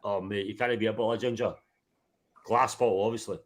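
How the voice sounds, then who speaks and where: A man's voice: on the low side, fairly even intonation, fast talker, a crowd in the background. Guy hosting a live stream, teasing, joking around, egging people on. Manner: teasing, jokey, eggs people on. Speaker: stream host. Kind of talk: casual live-stream banter.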